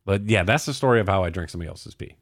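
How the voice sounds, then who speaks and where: A man's voice: deep voice, very fast, no echo, studio quality. A young man hosting a podcast, telling a crude, rambling story full of swearing and fillers. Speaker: podcast host. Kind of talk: casual storytelling.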